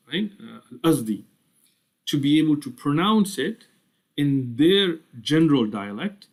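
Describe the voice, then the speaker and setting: A man delivers a lecture in a patient, explanatory way. He uses fillers and checks in often with "right?". His voice sits at a middle pitch. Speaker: Islamic studies lecturer. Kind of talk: lecture with slides.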